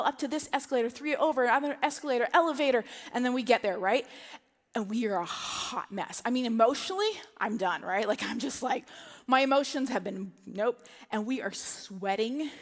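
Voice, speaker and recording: A woman preaching, telling a personal story in an animated way and acting out her own lines and other people's lines in a church setting. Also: a little high. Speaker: pastor. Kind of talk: sermon storytelling. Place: church auditorium. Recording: long hall reverb.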